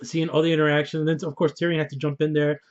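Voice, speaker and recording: Hyped young guy reviewing a show, high voice, swears a lot, kinda muffled lo-fi audio. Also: racing. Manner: animated, profane, laughing, slangy. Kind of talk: excited casual review monologue.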